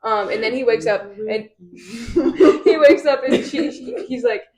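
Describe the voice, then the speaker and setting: A woman's voice: on the high side, expressive, a little slow, a little mellow. A woman co-hosting a casual book podcast, summarizing chapters in a loose, swearing, storytelling way. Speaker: podcast co-host. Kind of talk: casual book-club chat.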